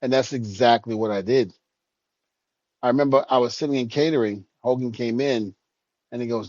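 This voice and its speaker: A man talks through a long story in a relaxed, conversational way and drops his voice to act out what others told him. The sound is dull and a little muffled, with no room echo at all. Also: medium pitch, moderate pace. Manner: relaxed storytelling, acts out others' lines in a quieter voice. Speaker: podcast co-host, retired wrestler. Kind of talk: casual storytelling.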